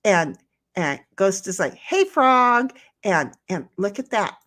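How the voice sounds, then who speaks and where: A woman's voice: on the low side, measured pace. A woman hosting a casual livestream, reading chat messages aloud in playful voices and rambling with many restarts while she paints.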